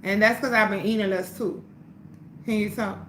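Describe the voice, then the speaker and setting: A woman's voice: mid-range voice, steady tone, moderate pace, fairly bright tone, echoey room, slight background noise. A woman from New Orleans with a New Orleans accent, hosting a casual livestream, answering viewer questions in a blunt, profane, preachy way and repeating phrases for emphasis. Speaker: livestream host selling herbal teas. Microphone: phone or webcam livestream.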